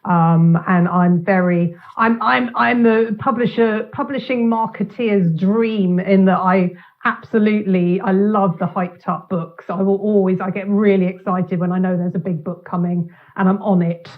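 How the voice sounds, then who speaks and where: A woman's voice: mid-range voice, steady tone, moderate pace. A woman author, chatting casually with lots of ums and restarts on a video call. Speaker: guest author. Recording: tinny phone-like line.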